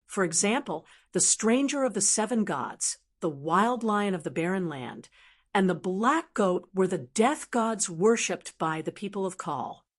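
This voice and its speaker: A calm, measured male priest, as a woman narrator puts him on. He speaks steadily and unhurriedly in a fantasy audiobook, at a middle pitch.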